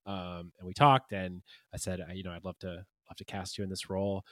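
A man hosting a casual interview, relaxed and hesitant with fillers, who laughs easily. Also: sits low, brisk, no echo, clean studio sound. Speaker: filmmaker, podcast host.

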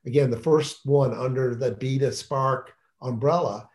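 A man's voice: mid-range voice, steady tone, measured pace, darkish tone. A man talking about his children's book in a casual interview, enthusiastic and rambling, often restarting his sentences.

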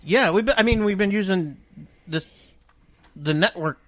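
A man's voice: high voice, normal speed, a bit bright. A man co-hosting a comedy podcast, telling stories in a rambling, hesitant way. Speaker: podcast co-host. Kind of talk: casual comedy chat.

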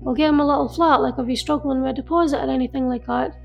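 A woman telling an emotional personal story in an earnest, halting way, often repeating herself. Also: sits high, steady tone, creaky, muffled recording. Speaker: interviewee. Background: soft music.

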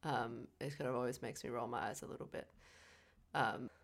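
Young woman with a very low voice, halting, stammery film chat. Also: steady tone. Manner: hesitant, stammers, laughs easily. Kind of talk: casual film discussion.

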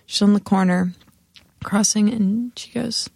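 Casual woman guest, gravelly fry in her voice, dry close sound, chatty storyteller. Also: mid-range voice, a little slow, no room sound. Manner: storytelling, heavy use of "like", animated quoting. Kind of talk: casual chat.

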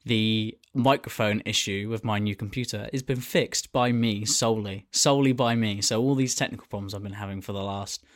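A man's voice: fairly low pitch, fairly even intonation, brisk, hardly any pauses, no echo, studio quality. A man co-hosting a podcast, chatting in a teasing, mock-boastful way. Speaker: podcast co-host. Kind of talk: casual podcast chat.

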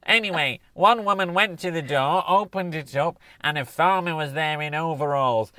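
Male co-host, lively storyteller with a slightly raised pitch, dry close sound, does voices of the people he quotes. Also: normal speed, dry recording. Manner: animated anecdote-teller, mimics people he quotes. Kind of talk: casual storytelling chat.

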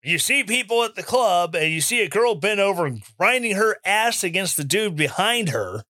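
Sarcastic ranting male commentator, high and lively. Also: moderate pace, no room sound, studio quality. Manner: animated, sarcastic ranting with mocking mimicry. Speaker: commentary host. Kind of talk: opinion commentary.

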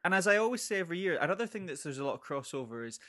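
A man co-hosting a podcast in casual chat, with a slight lisp from tooth pain and a habit of laughing and quick asides. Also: fairly high pitch, very animated, pushed and bright. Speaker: podcast co-host.

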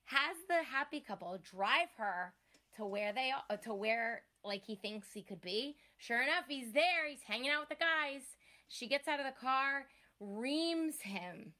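A woman's voice: high voice, unhurried. A young woman co-hosting a casual chat, retelling a movie plot with lots of swearing and acted-out lines. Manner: profane, animated storyteller acting out scenes.

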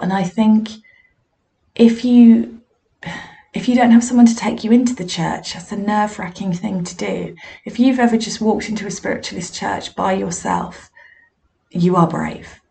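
A woman's voice: medium pitch, vocal fry, a little mellow. A woman, a podcast host and medium, telling candid, self-deprecating stories from her own work. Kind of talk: personal storytelling monologue.

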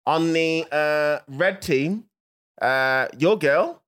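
A man's voice: fairly high pitch, extremely slow, a bit bright, clean tone. A man with a Birmingham accent co-hosting a comedy podcast, teasing his co-host in casual banter and laughing often. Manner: teasing, laughs often, playful put-on voices.

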